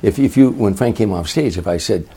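An older man, a comedian and guest, telling a long anecdote in a lively way, acting out the voices of the people in it. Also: fairly low pitch, a little fast, breathy edge. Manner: lively storyteller who acts out other people's voices. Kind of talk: anecdotal storytelling.

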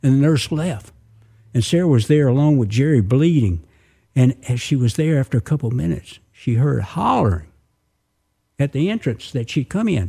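Male storyteller, dramatic oral delivery, raspy and gravelly. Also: on the high side, expressive, moderate pace, warm tone. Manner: vivid, with sound effects and asides to listeners.

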